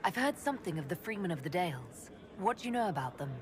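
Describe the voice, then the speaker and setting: An actress playing a calm, resolute female leader in a game, speaking in a measured, formal way. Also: lowish voice, crowd noise.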